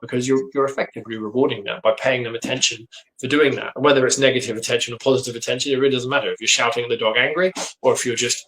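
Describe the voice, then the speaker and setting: A man, a dog trainer, explaining his methods in an earnest, steady way from his home office. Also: mid-range voice, fast, low-quality recording. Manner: earnest, explanatory, lots of agreeing 'yep'. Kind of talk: casual conversation.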